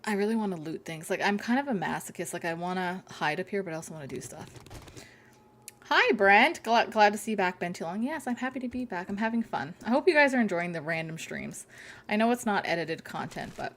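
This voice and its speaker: Young woman streamer, casual and chatty, reads chat jokes aloud, giggles a lot; gravelly texture. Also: mid-range voice, animated, brisk. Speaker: game streamer.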